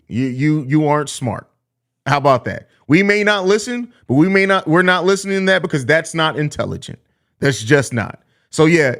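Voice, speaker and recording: A man's voice: on the high side, fairly bright tone. A man hosting a live sports podcast, reading chat messages and reacting in a blunt, profane, sarcastic way. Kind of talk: casual live-stream sports talk.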